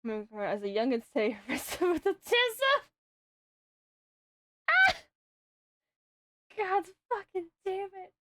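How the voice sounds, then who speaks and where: A woman's voice: very high voice, wildly swooping pitch, slow pace, long pauses, sharp tone, dry recording, studio quality. A young adult woman streaming, chatting casually and telling rambling stories with frequent swearing. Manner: swears often, rambling storytelling. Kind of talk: casual chat.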